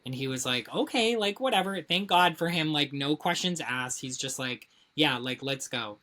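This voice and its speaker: A woman co-hosting a podcast, telling a story in casual chat, animated and heavy on swearing and filler words. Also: a bass voice, moderate pace. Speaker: podcast co-host.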